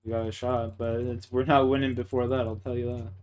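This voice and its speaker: Profane, excitable Canadian man chatting. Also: mid-range voice, a little fast, muffled recording. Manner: profane, excitable storytelling with laughs. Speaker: streamer. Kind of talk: casual chat while gaming.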